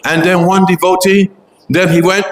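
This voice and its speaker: A man's voice: high-pitched, level tone, moderate pace, echoey room, a little hiss or hum, rough recording. A man giving an earnest devotional memorial talk, fervent and repetitive, often restarting his phrases. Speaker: devotional speaker.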